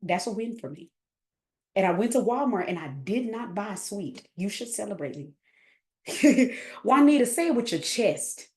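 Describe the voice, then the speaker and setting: A woman's voice: medium pitch, very animated, a little slow, reverberant. A woman, chatting casually as a coach, goofy and full of laughter. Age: 30s. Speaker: host and coach. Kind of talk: casual livestream chat.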